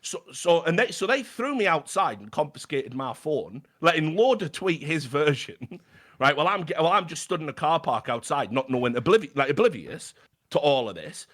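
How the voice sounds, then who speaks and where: British male guest, animated storyteller, high-ish voice, salty language. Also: moderate pace. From Britain. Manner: animated, swears freely, stammers and restarts. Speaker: podcast guest. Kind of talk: casual storytelling chat.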